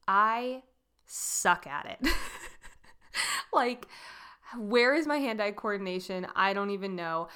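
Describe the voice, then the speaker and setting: A woman's voice: medium pitch, a bit bright, clean tone. Chatty self-deprecating woman podcaster. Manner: chatty, candid and self-deprecating, with filler words. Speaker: podcast host and coach. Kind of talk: casual solo podcast talk.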